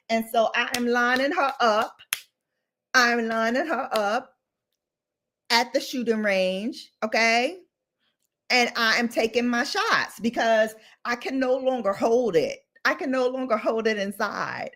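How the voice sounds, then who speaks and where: A woman beauty vlogger rants to her viewers in a theatrical, dramatic way. Her fairly high voice swoops all over the place with lively swings. Playful outbursts keep breaking into the casual talk. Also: a little slow. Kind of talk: casual ranting vlog.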